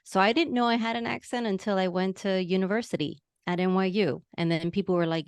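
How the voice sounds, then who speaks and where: A middle-aged woman from Queens with a New York accent carrying a mild Latina lilt, talking as an interview guest. She is bubbly and effusive, and her voice is smooth and resonant. The sound is close and dry. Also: mid-range voice, steady tone, fairly quick, hardly any pauses, dry recording. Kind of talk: casual interview.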